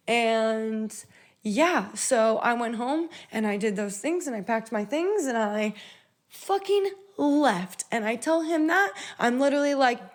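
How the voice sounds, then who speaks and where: A young woman hosting a podcast, telling a personal story in a casual, profane, animated way with frequent laughter. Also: on the high side, measured pace. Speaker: podcast host.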